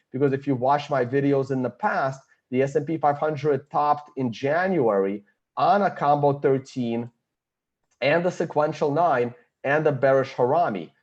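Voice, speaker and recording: A man's voice: fairly high pitch, a little mellow, lo-fi sound. A man giving blunt, confident market analysis, thinking aloud as he walks through a chart. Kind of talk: screen-share chart analysis.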